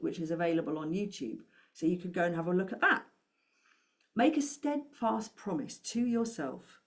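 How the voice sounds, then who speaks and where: A woman speaking as a money coach, giving an encouraging talk to camera and asking the listener questions. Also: lowish voice.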